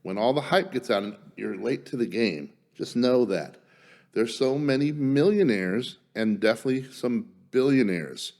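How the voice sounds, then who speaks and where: A man co-hosting a podcast in casual chat, giving measured advice with steady emphasis. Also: medium pitch. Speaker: podcast co-host.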